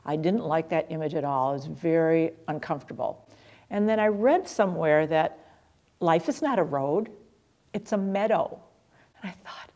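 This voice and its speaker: A woman's voice: low voice, moderate pace, creaky, darkish tone. A middle-aged woman telling a personal story in a chatty, self-deprecating way, laughing at herself. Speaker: speaker sharing personal story.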